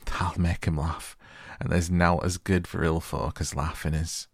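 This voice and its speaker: A man's voice: deep voice, steady tone, measured pace, husky, dry recording, studio quality, full character voice. A man reading the lines of a cheerful country boy in an audiobook, easygoing.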